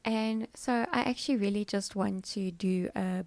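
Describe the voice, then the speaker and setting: A woman's voice: mid-range voice, fairly even intonation, normal speed, hardly any pauses, a little mellow, no echo. A middle-aged woman, hosting a casual livestream chat, rambling and laughing with fillers. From South Africa. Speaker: livestream host.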